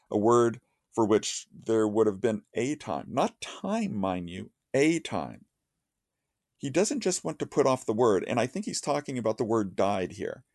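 A man giving a measured, reflective lecture on poetry, dropping low and slow to recite lines of verse. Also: a little mellow, no echo, clean studio sound. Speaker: literature lecturer. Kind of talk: analytical lecture with dramatic recitation.

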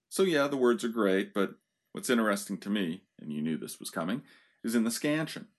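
Low-voiced man explaining verse. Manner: informal, with asides like "you know" and "so yeah". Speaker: literature lecturer. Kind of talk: casual analytical talk on poetry.

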